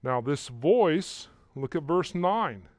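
A man's voice: on the high side, animated, slow pace, no room sound, clean studio sound. Man preaching with rising emphasis. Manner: repeats words and rises loudly on key words. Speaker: pastor. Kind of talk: sermon.

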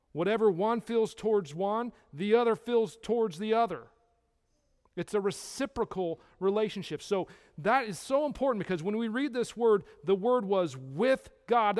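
Male Bible teacher, high voice, emphatic, asks the room questions, long hall echo. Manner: emphatic, with rhetorical questions to listeners.

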